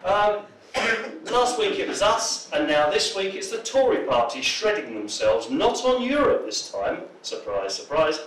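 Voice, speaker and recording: A man's voice: high-pitched, big pitch swings, a little slow, fairly bright tone, a little hiss or hum. A man gives a jokey public talk to an audience in a pub function room, telling anecdotes and acting out the voices of the people in them. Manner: jokey storyteller, acts out quoted voices. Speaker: political speaker. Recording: roomy, distant mic, faint ambience.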